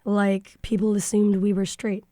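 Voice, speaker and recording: A woman's voice: medium pitch, flat delivery, unhurried, dark tone, dry recording, clean studio sound. A young woman, talking frankly and a bit snarkily on a podcast, thinking aloud with fillers. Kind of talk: casual podcast discussion. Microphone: studio microphone.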